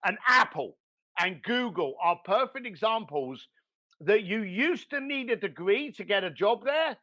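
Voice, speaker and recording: Lively high-voiced man, blunt. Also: measured pace. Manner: blunt, animated storyteller with mild swearing. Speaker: guest. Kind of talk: motivational business talk.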